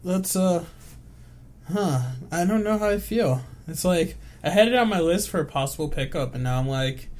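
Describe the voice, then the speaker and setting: A man co-hosting a casual podcast, reacting to a story with soft, hesitant comments. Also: high-pitched, lively intonation, moderate pace. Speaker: podcast co-host. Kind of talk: casual chat.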